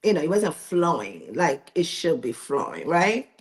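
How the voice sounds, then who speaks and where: Middle-aged woman, author guest, lowish voice, emotional and laughing, repeats herself. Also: sing-song, a little slow. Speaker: author and magazine editor. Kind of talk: emotional interview storytelling.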